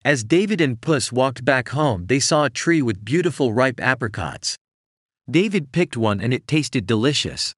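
A man narrating a children's bedtime fairy tale in a gentle, lively reading voice. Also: mid-range voice, a little slow, no room sound, clean studio sound. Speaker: storyteller.

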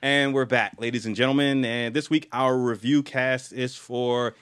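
A man's voice: medium pitch, fairly even intonation, moderate pace, fairly bright tone, soft background music. A man co-hosting a casual film podcast, talking enthusiastically with lots of fillers and restarts. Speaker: podcast co-host.

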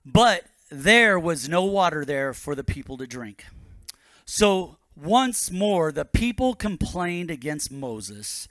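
A man's voice: a little high, expressive, slow pace, a bit bright, no room sound. A man, a pastor, preaching a sermon to his congregation with rising bursts of energy.

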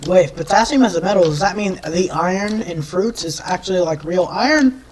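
A woman giving live gameplay commentary, exasperated, often yelling and screaming at enemies, with rambling self-mocking asides. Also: fairly low pitch, animated, brisk, crowd noise. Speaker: gameplay video creator.

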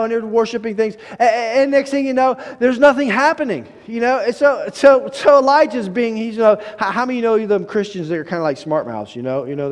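High-voiced preacher in a reverberant hall. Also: male voice. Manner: animated storytelling, acts out quotes, many restarts. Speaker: pastor. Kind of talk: sermon.

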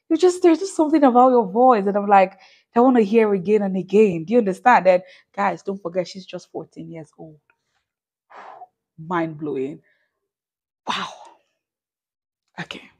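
A woman with a slightly high voice hosts her own reaction vlog. She talks to viewers in a loose, casual way and keeps breaking into gushing exclamations. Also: normal speed. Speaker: reaction channel host.

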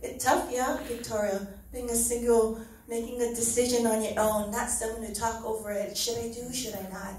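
Recorded from a distance in a very echoey church hall, this middle-aged woman gives a sincere testimony, frequently breaking into laughter. She speaks on the high side at a moderate pace, with a level, darkish tone and slight background noise.

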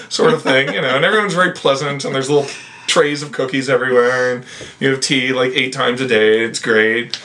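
A man's voice: medium pitch, a little fast, a bit bright. A middle-aged American man chatting casually with his mother, joking and sarcastic with a rambling flow. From United States. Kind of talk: casual chat.

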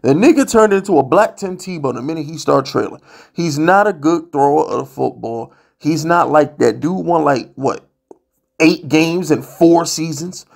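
A man with a rough, fry-laced voice delivers a heated sports rant as a vlogger. His pitch sits a little high. He is blunt, profane and plainly fed up. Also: lively intonation, normal speed. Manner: blunt, profane, exasperated ranting.

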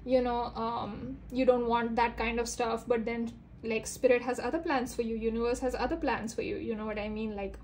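A woman's voice: on the high side, steady tone, normal speed, darkish tone, slight background noise. A woman giving a casual spoken tarot reading, rambling with many fillers and acting out little quoted lines. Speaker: tarot reader.

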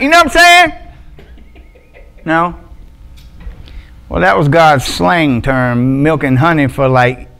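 Rough audio from a microphone with adjustable sound carries a man's medium-pitched, fairly bright voice. He's a pastor from Montgomery with a Southern Alabama accent, preaching in a relaxed, joking, slang-heavy style.

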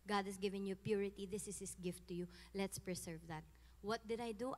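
A woman's voice: mid-range voice, fairly quick, long reverb tail. Chatty Filipino woman telling her testimony. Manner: animated, switching between English and Tagalog, laughing often. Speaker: guest giving a faith testimony. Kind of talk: personal testimony, casual storytelling.

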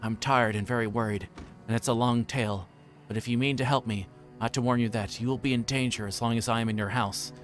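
A man's voice: mid-range voice, steady tone, fast talker, faint music behind, lightly acted. Guy doing a worried tired hobbit, hesitant, storybook reading.

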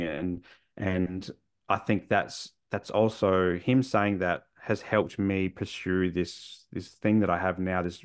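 A middle-aged man talks through his thoughts in an interview. His voice sits low and carries a gravelly rasp. He circles back and restarts often, sincere and reflective. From Australia. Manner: earnest, rambling with frequent restarts. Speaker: guest, men's mental health therapist.

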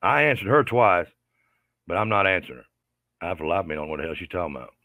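A man rants in an aggravated, profanity-laced commentary, circling back over the same complaint. His voice sits very low with a gravelly fry. The sound is dry and close. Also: big pitch swings, fast talker, bright, forceful tone, no room sound. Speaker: livestreamer. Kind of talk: angry commentary rant.

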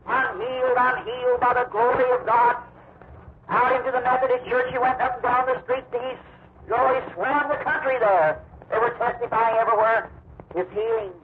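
A man preaching a sermon, telling stories and rising to excited high-pitched bursts. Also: a little fast. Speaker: evangelist preacher. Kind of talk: sermon, testimony storytelling. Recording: tinny lo-fi old sermon tape with hiss.

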